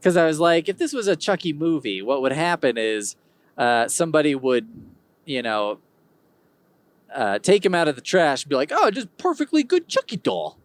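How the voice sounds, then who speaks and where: A man's voice: fairly high pitch, expressive, normal speed, no room sound. A man hosting his own podcast, talking in a rambling, digressive way with wry humor. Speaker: podcast host. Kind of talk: casual solo podcast monologue.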